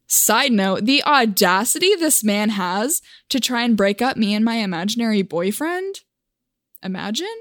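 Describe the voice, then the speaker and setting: A woman's voice: fairly high pitch, very animated, moderate pace, no echo, studio quality. A young woman from Oklahoma telling a personal story for a vlog in a wry, self-mocking, chatty way.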